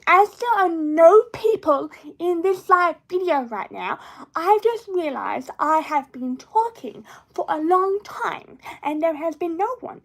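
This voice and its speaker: A woman chatting on a live stream from a room at home, rambling, full of restarts and playful tangents. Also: very high voice. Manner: playful, drifts between topics. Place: indoor room at home with plush toys. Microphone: phone.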